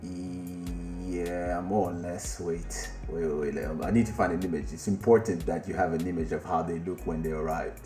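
A man's voice: low-pitched, level tone, normal speed, dark tone, roomy sound, soft background music. A man hosting a podcast who tells a story casually, laughing often, swearing freely and turning to address a friend. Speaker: podcast host. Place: home studio during a live stream.

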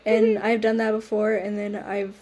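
Husky young woman, casual chat, animated storytelling, laughs a lot. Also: mid-range voice, moderate pace.

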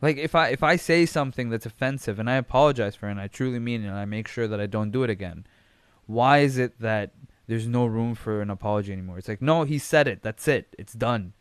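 Young male podcast host, frank and rambling, smooth tone, mid pitch, dry close sound. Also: quick pace, dry recording. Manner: rambling, frank, swears freely, many fillers. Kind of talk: casual solo commentary.

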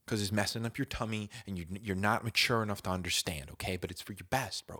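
A young man hosting his own podcast, telling a casual story in a slangy, animated way, dropping to whispers and jumping to shouts as he acts it out. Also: fairly low pitch, fast talker, hardly any pauses. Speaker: podcast host.

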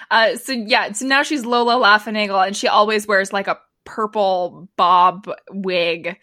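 A woman's voice: mid-range voice, steady tone, measured pace, pushed and bright, dry recording. A woman co-hosting a casual podcast, recapping a TV episode in a chatty way, with lots of fillers and laughter. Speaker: podcast co-host.

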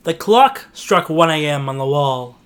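Casting: man, casual podcast co-host reading aloud, bright voice. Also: a little high, expressive, unhurried, clear, resonant tone. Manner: rambling, self-mocking. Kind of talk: casual chat and amateur story reading.

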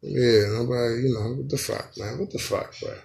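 Animated, profane man telling a funny story. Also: mid-range voice, moderate pace, gravelly. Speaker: podcast host. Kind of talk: comedic storytelling.

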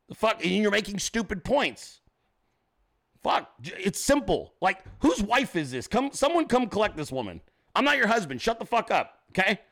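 A man's voice: sits high, bright, forceful tone. A man hosting a livestream, ranting profanely and combatively at commenters in his chat. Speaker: show host.

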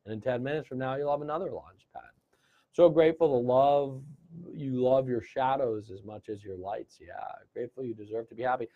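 Husky man hosting a gratitude stream. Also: medium pitch, a little fast, phone-quality sound. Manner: encouraging, reads out viewer comments. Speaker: host of a live gratitude session. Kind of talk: live-stream motivational talk.

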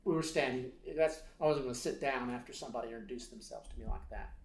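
A man's voice: mid-range voice, fast, vocal fry. A man telling a personal story in a casual interview, hesitant with many fillers, acting out dialogue. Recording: roomy echo.

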